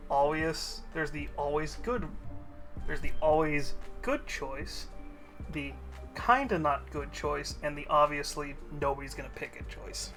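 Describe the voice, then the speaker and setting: A man's voice: on the high side, a bit bright, faint music behind. Rambling young man chatting on stream. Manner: rambling, self-aware, quick asides to a friend. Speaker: streamer painting miniatures. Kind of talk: casual live-stream chat.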